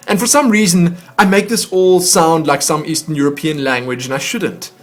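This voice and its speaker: Chatting to camera while opening fan mail, a vlogger laughs at himself for fumbling foreign words. He speaks at a normal pace in a fairly high voice with lively intonation, over soft background music.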